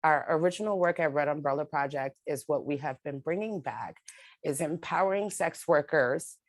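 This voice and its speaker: A woman's voice: sits low, moderate pace, no room sound. A woman, an advocate telling her own story in a direct, emphatic way on a video call. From New York City. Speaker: advocate and panelist. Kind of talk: spoken-word poem, then personal testimony. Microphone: remote video call mic.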